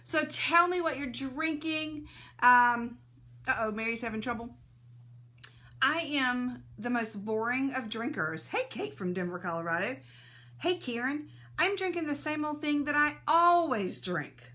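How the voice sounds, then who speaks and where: A woman's voice: high voice, lively intonation, unhurried, pushed and bright. A woman hosting a casual live stream, greeting viewers by name and laughing often, a little sneezy and teary-eyed.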